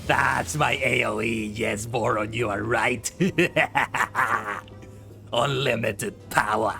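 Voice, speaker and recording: A man's voice: mid-range voice, gravelly, pushed and bright. A man streaming a game, chatting casually, playful and punning and laughing often. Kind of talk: casual gaming commentary.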